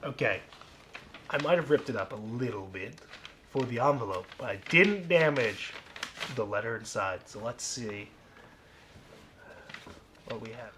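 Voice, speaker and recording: A YouTuber casually reading fan mail aloud, soft-spoken and musing, often trailing off quietly. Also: male voice, mid-range voice, expressive, a little slow, pauses often, a little hiss or hum.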